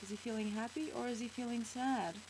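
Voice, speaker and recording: A woman's voice: on the high side, steady tone, a little fast, background noise. A woman hosting a children's show, reading a picture book aloud and chatting with kids, asking them questions.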